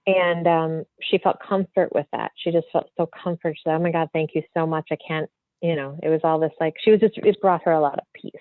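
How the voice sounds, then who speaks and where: A woman medium, a podcast guest, telling a story in a free-flowing, animated way full of fillers. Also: low-pitched, a little fast, dry recording. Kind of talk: casual storytelling in an interview. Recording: tinny phone-like line, dry.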